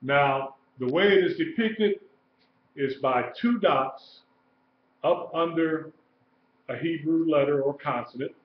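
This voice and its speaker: A man's voice: on the high side, slow pace, slight background noise. A man teaching a class, patiently repeating each term and spelling words out letter by letter. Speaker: Hebrew teacher. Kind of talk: classroom lecture, live-streamed. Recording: roomy, dull lo-fi live stream.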